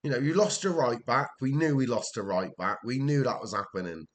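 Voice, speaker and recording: A man's voice: medium pitch, lively intonation, brisk. A man from Wales giving casual commentary while playing a game, talking to himself, exasperated and swearing. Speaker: gameplay commentator.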